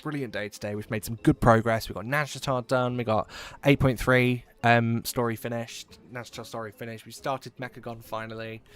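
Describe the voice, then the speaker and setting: A man from near London, chatting casually and rambling as he live-streams a game, swearing now and then. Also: on the low side. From England, near London.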